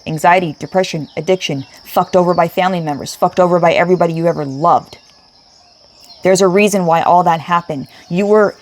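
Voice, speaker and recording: A woman's voice: on the low side, a little mellow. A woman giving an emotional spiritual tarot reading, speaking emphatically, repeating herself and swearing casually. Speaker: tarot reader.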